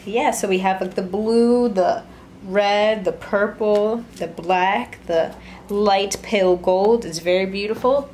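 A young adult woman with a mid-range, slightly mellow voice chats playfully through a clothing try-on haul, tossing in sassy, slangy asides. She's a fashion vlogger, recorded in a roomy space with the mic far off and faint noise.

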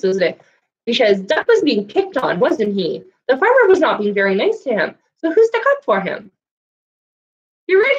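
A woman's voice: medium pitch, husky, muffled recording. Sing-song woman reading to children. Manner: sing-song storytelling, asks children questions. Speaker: children's librarian. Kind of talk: storytime read-aloud and craft lesson. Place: library, indoors.

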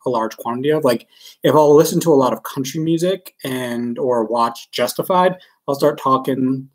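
Speaking at a normal speed with a medium-pitched voice, a card breaker from Maryland, USA, wanders through casual live-stream chatter. He's self-deprecating and leans heavily on ums and uhs, and the recording is low quality.

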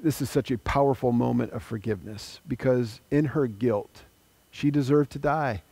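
A man's voice: a little high, a little mellow, no echo. A man preaching a sermon as a pastor, earnest and pleading, inviting listeners to pray with him.

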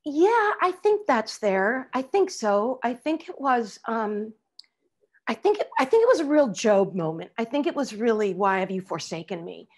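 A middle-aged woman talking casually on a video call as an interview guest, animated and acting out quoted lines. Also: fairly high pitch, moderate pace. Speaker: actress guest.

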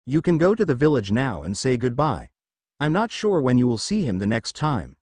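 A man voicing a gruff old dragon mentor. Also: very animated, normal speed, a little mellow, dry recording. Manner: rumbling, matter-of-fact. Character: ancient male fire dragon, gruff mentor.

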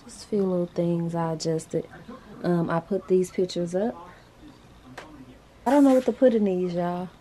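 A woman's voice: lowish voice, fairly even intonation, moderate pace, pauses often, dark tone. A woman hosting her own vlog, chatting casually and informally to the camera as she goes about her day. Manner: chatty, informal, Southern-style slang. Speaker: vlog host.

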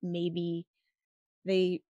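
A woman's voice: on the low side, completely flat delivery, drawn-out words, mellow, no echo, muffled recording. A woman guest on a podcast, a mother telling a personal story in a casual, earnest way, full of "like" and "you know". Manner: earnest, chatty, many "like" and "you know" fillers.

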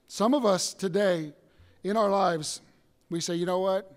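A man preaching a sermon as pastor, emphatic, bursting into shouts and acting out stories. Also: sits high, steady tone, normal speed, in a large hall.

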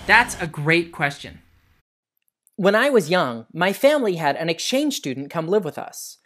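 Lively American man telling stories. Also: fairly high pitch, moderate pace, slight background noise. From United States. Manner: animated, friendly storytelling. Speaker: educational show host. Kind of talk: storytelling science lesson for kids.

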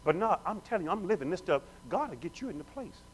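A male pastor with a high voice and a very lively, sweeping pitch. He preaches with call-and-response, urging the congregation on as family. His volume dips from loud declarations to near-whispered asides. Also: quick pace, slightly rough. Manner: swings between loud declarations and hushed, low asides. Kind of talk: sermon. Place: church sanctuary.

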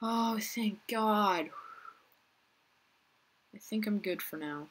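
Husky-voiced girl chatting through her game for viewers, gets annoyed fast. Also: medium pitch. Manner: chatty, talks to herself and her viewers, quick to get frustrated. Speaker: gaming YouTuber. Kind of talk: casual gameplay commentary.

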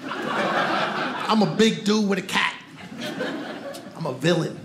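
A man with a Brooklyn accent works a comedy club crowd in a fairly high voice, punchy and playful, tossing asides to the audience. The stage sound is roomy, with clear room noise under it. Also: takes it slowly. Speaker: stand-up comedian. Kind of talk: stand-up comedy set.

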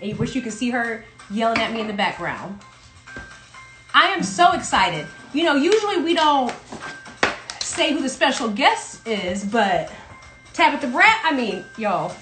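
A woman's voice: on the high side, big pitch swings, a little slow, echoey room, over music. A woman from South Carolina with a Southern accent, hosting a playful, chatty livestream show from her home. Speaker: host. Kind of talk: casual livestream chat. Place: home in Brooklyn.

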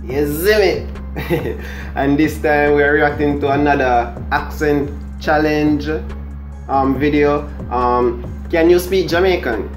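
Slow, laid-back man reacting. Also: fairly high pitch, roomy sound, faint music behind, low-quality recording. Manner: laid-back, slangy, laughs along. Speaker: reaction video host. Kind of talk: casual reaction commentary.

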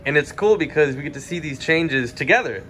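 Upbeat guy with a bright crisp voice backing up the host, casual vlog chat. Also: a little high, lively intonation, brisk, faint music behind. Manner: upbeat, agreeable backup.

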